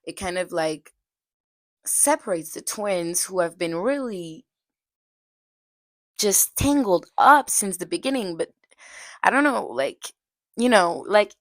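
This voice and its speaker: A woman's voice: on the low side, no echo. A young woman giving a casual, chatty film review, full of "like" fillers. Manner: chatty, heavy use of "like" fillers, occasional laughs. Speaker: movie reviewer.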